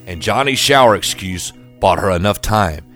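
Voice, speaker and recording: A man narrating a documentary story in a measured, dramatic way. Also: deep voice, expressive, a bit bright, soft background music.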